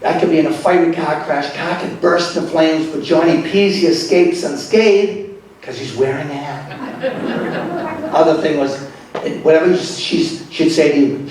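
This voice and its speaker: A man telling comedy stories on stage in a club, animated, with quick asides to the crowd. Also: fairly high pitch, a little hiss or hum. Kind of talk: stand-up comedy. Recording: echoey club from far off.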